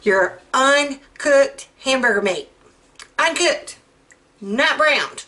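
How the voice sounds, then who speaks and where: A woman's voice: sits high, animated, extremely slow, bright, forceful tone, slight background noise. A middle-aged woman, chatting in a folksy, rambling way while showing a recipe in her home kitchen. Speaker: home cook host. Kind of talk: casual cooking demonstration.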